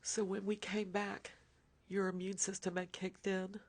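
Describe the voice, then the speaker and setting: A woman's voice: mid-range voice, level tone, measured pace. A woman recounting her son's childhood illness in a personal storytelling interview, emotional and dropping into whispers as she voices the doctor.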